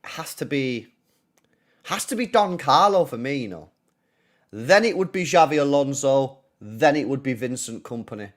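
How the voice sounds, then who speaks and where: A man's voice: medium pitch, lively intonation, normal speed. A man hosting a casual football livestream, blunt and profane, often repeating himself. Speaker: football channel host.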